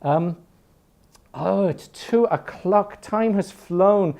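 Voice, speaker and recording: A man in his fifties with an educated Northern English accent teaches an online class in a loose, joking way. His voice sits a little high but sounds warm and mellow. He often stops and restarts mid-sentence. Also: drawn-out words, gravelly. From Northern England. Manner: chatty and jokey, with frequent restarts. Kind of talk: informal online class talk.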